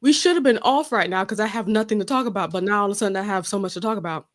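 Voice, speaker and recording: A woman's voice: mid-range voice, rapid-fire. A young woman from South Carolina, hosting a casual chat, talking freely with restarts and laughs. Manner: chatty, laughing, stumbling restarts. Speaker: host.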